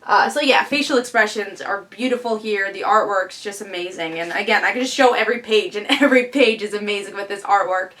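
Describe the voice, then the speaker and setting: Bright, excitable woman reviewing comics. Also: mid-range voice, fairly quick, few pauses. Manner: excitable, asks rhetorical questions. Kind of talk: casual vlog review.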